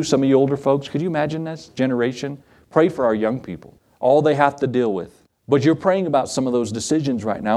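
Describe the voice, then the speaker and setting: A man's voice: mid-range voice, warm tone. A man pastor preaching a sermon in an earnest, folksy way, chuckling often and driving points home with repetition. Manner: emphatic repetition, rising preacher cadence.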